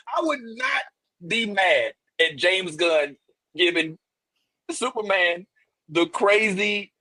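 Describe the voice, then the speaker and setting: A man from Saint Louis co-hosting a podcast, telling lively stories with asides in a casual movie chat. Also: sits high, slow pace, pauses often, husky, no room sound. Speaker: podcast co-host.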